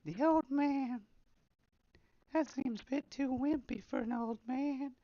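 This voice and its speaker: A man trying out a high, wimpy voice for a creepy old man character. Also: slow, dry recording, muffled recording.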